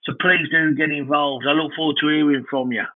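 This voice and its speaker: A man hosting a comedy podcast, rambling through a self-mocking comic monologue in a deadpan way. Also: fairly high pitch, a little fast, heavy background noise. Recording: band-limited, phone-like sound.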